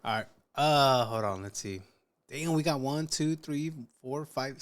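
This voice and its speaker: A man's voice: mid-range voice, unhurried. A man hosting a reaction video, making crude joking asides. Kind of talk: casual reaction commentary.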